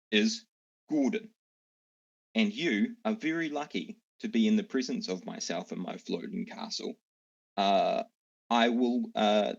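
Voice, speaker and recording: A man doing a self-important storm giant for a tabletop game, gravelly and husky, making slow, grand threats. The sound is dull and lo-fi. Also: on the low side, exaggerated voice. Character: huge boastful male storm giant extorting gold. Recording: dull lo-fi mic.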